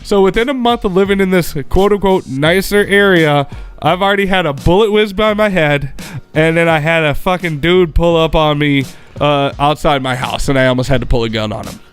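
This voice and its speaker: A man's voice: a little high, fairly quick, clean tone, faint music behind. A man co-hosting a podcast, telling a rambling, profane story in casual chat. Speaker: podcast co-host.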